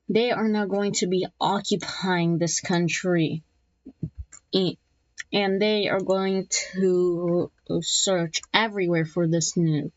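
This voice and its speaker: A woman's voice: lowish voice, no echo. A woman narrating a map scenario in a casual, rambling way, full of restarts and jokey asides, in a dull lo-fi recording.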